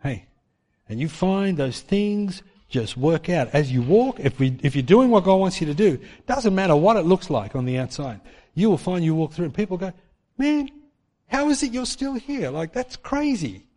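A man preaching a sermon in an animated way, acting out the voices of people in his stories. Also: on the high side, moderate pace. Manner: animated, acts out quoted voices. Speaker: pastor. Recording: long hall reverb.

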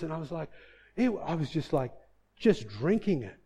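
A man's voice: fairly high pitch, very animated, moderate pace, dark tone, husky. A middle-aged man sharing a personal faith testimony in an earnest, emotional way, with many fillers and reenacted quotes.

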